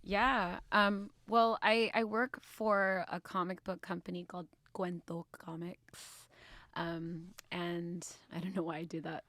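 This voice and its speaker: A woman's voice: on the low side, level tone, a little slow, few pauses, a bit bright. A woman guesting on a casual podcast as a comic book writer, chatty and playful, laughing easily.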